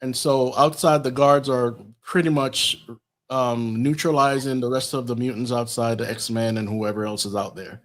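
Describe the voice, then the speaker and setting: A man's voice: medium pitch, fairly even intonation, normal speed. A man on a podcast recapping a film's plot in casual chat, rambling along with lots of ums and restarts. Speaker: podcast co-host.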